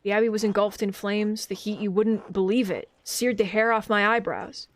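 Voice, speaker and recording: A woman reading the lines of a grieving elderly father and widower in a game, in a slow, sorrowful storytelling manner. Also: medium pitch, fairly even intonation, lightly acted. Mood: bitter.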